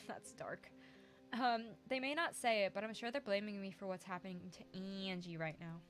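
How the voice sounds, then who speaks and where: A woman hosting a let's play, reading a visual novel's narration and lines aloud and chatting with a friend, animated with dry sarcastic asides. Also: mid-range voice, moderate pace, faint music behind. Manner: animated, laughs often, breaks into dry sarcasm.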